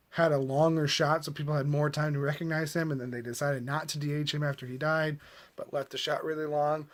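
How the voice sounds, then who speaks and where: A man with a fairly high voice talks through a film's problems in an offhand, chatty way. He turns sarcastic and often trips over a word and starts again. He is sitting at a table at home. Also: fairly bright tone. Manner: chatty, mildly sarcastic, often restarts mid-sentence. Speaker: movie vlogger. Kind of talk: casual movie commentary.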